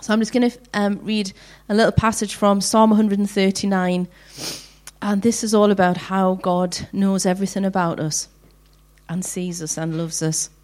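A woman's voice: mid-range voice, little pitch movement, darkish tone. Earnest woman giving a devotional. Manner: heartfelt, earnest, slows down for readings. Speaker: women's ministry speaker. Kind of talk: devotional talk with scripture reading.

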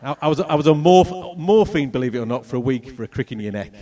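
Middle-aged man from England, animated testimony speaker, mid-pitched voice, distant mic. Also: fast. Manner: animated storytelling, acts out voices and moments. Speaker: speaker telling his testimony. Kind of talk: personal testimony talk with slides.

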